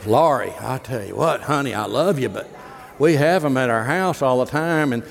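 A man's voice: medium pitch, expressive, moderate pace, gravelly, noisy background. A middle-aged man preaching a sermon, folksy and joking, rising into emphatic preaching. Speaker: pastor. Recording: long hall reverb.

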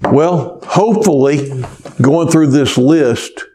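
Slow, deliberate male preacher. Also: fairly high pitch, dark tone. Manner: slow, deliberate storytelling with stretched-out words. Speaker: pastor. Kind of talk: sermon.

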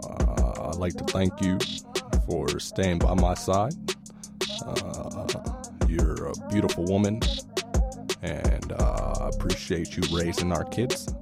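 A man doing an impression of a calm, measured male president giving a thank-you speech, with slow, halting "uh" pauses. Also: lowish voice, over loud music. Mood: measured, formal.

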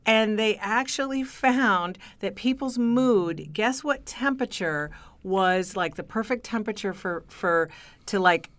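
A woman's voice: medium pitch, expressive, measured pace, a bit bright, no room sound. Casual woman podcast co-host. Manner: conversational, quizzing her co-host with fillers. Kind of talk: casual chat, summarizing a book.

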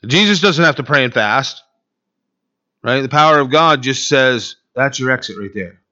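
A male pastor preaches with real energy, pushing some lines out loud and dropping to near-quiet asides. His voice sits at a middle pitch. The recording is dull and lo-fi. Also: normal speed. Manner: animated preaching, swings between loud emphasis and quiet asides. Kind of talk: sermon.

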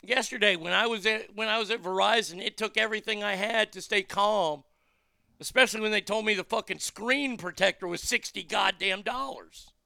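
A radio talk show host with a high, gravelly voice and sharp tone rants bluntly about the news, swearing casually through a profane monologue at moderate pace. The recording is dry and studio quality.

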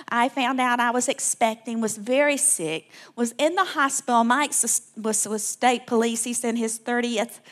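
A woman in her fifties with a South Alabama accent, telling personal stories to a church crowd in a chatty way. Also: on the high side. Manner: warm, chatty, with frequent restarts. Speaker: guest speaker.

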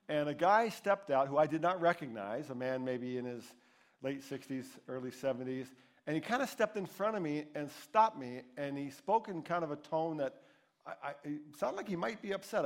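A man preaching a sermon as pastor at a church service, in a conversational, storytelling way. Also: medium pitch.

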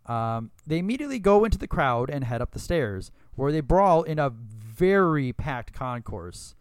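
A man's voice: medium pitch, very animated, normal speed, clean tone, dry recording. A man co-hosting a podcast, chatting casually and wryly while recapping a match. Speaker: podcast co-host. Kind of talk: casual wrestling recap chat.

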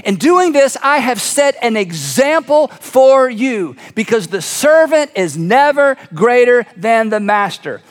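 A man's voice: very high voice, sing-song, measured pace, hardly any pauses, exaggerated voice. A man doing an earnest, patient teacher. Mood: solemn. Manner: earnest, gently insistent. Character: patient male teacher calling disciples to serve. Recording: long reverb of a large hall.

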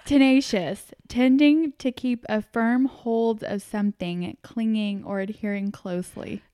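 Bright-voiced young woman co-host, dry mic. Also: on the high side, unhurried, smooth, dry recording. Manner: friendly, asks questions, reads the intro. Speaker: podcast co-host. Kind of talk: casual chat.

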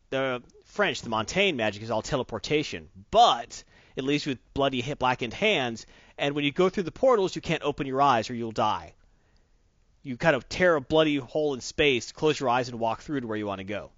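A man's voice: medium pitch, animated, brisk, a bit bright, dry recording, muffled recording. A man chatting enthusiastically and rambling, with many restarts, as he co-hosts a casual talk. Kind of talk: casual chat about tabletop games.

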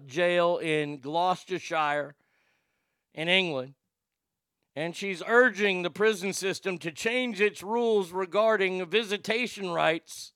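A man's voice: high-pitched, a bit bright, clean tone, no echo, studio quality. A male radio host giving blunt, vulgar, mocking comedic commentary.

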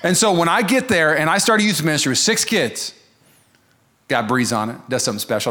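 A man preaching a sermon to a congregation in an energetic, joking, conversational way. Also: fairly high pitch, a little fast. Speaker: pastor. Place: church service before a congregation.

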